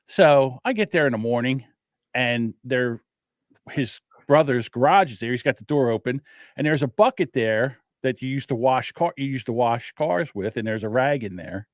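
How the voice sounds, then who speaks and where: Lively, swearing male podcast host. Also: mid-range voice, moderate pace, no echo, studio quality. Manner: animated storyteller, acts out quotes, swears freely. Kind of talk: casual chat.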